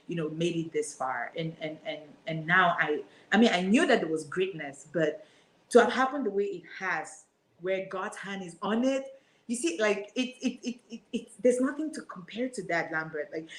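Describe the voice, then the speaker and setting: A woman's voice: mid-range voice, echoey room, a little hiss or hum, poor audio. A woman in her thirties speaking as an interview guest, effusive and full of gratitude, often repeating her words as she talks. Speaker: guest, business owner. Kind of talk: emotional interview talk.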